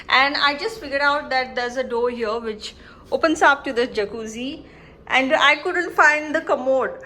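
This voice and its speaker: Chatting to her viewers in a casual travel vlog, a young woman with a fairly high-pitched voice sounds excitable and talkative. She keeps addressing everyone as "guys" while filming at a resort villa and restaurant in the heat.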